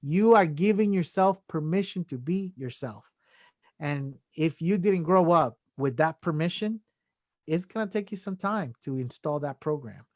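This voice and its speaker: Unhurried and animated, a man with a slightly high, somewhat mellow voice chats as a podcast guest, with no room sound in the recording. He shares earnest self-help advice conversationally, leaning on tags like "you know" and "right?" and chuckling between thoughts.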